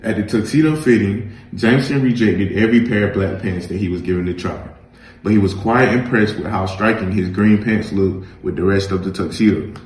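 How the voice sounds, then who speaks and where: A man reading a children's picture book aloud in a gentle, measured storytelling manner. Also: lowish voice, roomy sound, poor audio. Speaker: reader.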